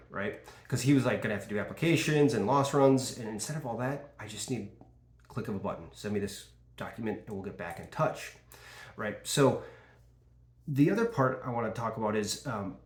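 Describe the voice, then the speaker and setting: A man coaching insurance sales, talking casually and acting out lines from calls. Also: medium pitch. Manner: casual, animated, acts out call dialogue. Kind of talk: sales training talk. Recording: echoey room.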